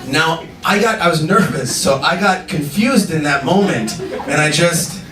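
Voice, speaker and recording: A male stand-up comedian telling animated, energetic stories on stage with a slightly high voice. He is heard through an echoey live venue, as if from far back, with steady audience noise behind. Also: measured pace, crowd noise. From Indian and American. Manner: energetic, animated storytelling with punchlines.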